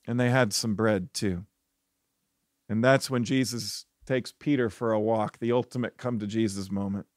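A man preaching a devotional sermon as a pastor, telling stories earnestly and dropping his voice softly for the reflective parts. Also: lowish voice, moderate pace, no room sound, clean studio sound. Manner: earnest storytelling, rising when animated, dropping soft for reflection.

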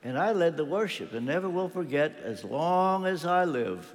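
An older man preaches in a fairly high voice, telling a story and voicing its characters with rising and falling emphasis. His words ring out with a long reverb, as in a large church hall. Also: big pitch swings, moderate pace. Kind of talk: sermon.

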